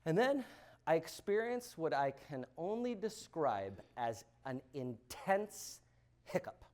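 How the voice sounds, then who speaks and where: A man's voice: a little high, big pitch swings. Dramatic man telling a story. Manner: dramatic, swings from loud emphasis to hushed, halting delivery. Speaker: keynote speaker. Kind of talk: storytelling speech to an audience.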